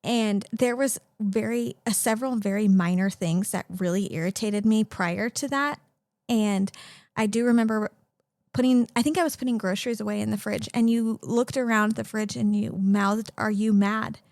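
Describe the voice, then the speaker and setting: Chatty young woman with a gravelly edge. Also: medium pitch, moderate pace, darkish tone, no room sound, studio quality. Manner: chatty, many "like" fillers. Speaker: podcast co-host. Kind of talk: casual chat.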